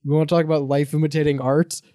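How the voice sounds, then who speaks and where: A man hosting a podcast in casual chat, animated and joking, telling rambling stories. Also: a little high, fast talker, no room sound, clean studio sound. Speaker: podcast host.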